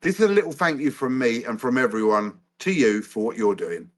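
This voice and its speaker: A man's voice: medium pitch, animated, a little fast. A man speaking as a guest on a live stream, friendly and easygoing, with casual slang. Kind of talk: casual livestream chat.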